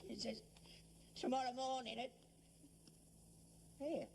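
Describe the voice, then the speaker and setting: A man's voice: very high-pitched, fairly even intonation, slow, gravelly, a little hiss or hum, exaggerated voice. An actor playing a cantankerous, selfish old father with a working-class London accent, in a whining, self-pitying and cutting manner, in 1960s television sitcom acting. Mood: dismissive. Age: older.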